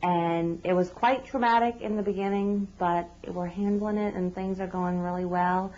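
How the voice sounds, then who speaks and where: A mother tells her story in a low voice, candid and heartfelt, stumbling over a word now and then. The recording is dull and lo-fi. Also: fairly even intonation, moderate pace, a little mellow. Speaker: mother of a newborn. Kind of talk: personal testimony. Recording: dull lo-fi video sound.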